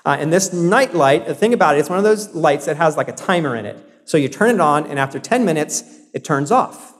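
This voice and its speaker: A man's voice: a little high, expressive, fairly quick. Preaching man in an echoing church. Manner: earnest, emphatic, repeats words when stressing a point. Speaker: pastor. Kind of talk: sermon. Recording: long hall reverb.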